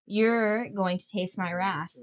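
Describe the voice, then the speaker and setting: A woman voicing a spiteful, grudge-holding racehorse mare, talking in a smug, mocking, drawn-out way. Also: medium pitch, fairly even intonation, lo-fi sound, lightly acted.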